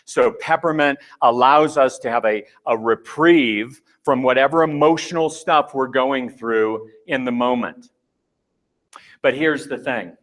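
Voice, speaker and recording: A middle-aged man with a medium-pitched, fairly bright voice speaks at a measured pace. He's giving a live conference talk that's playful and candid, full of jokes at his own expense.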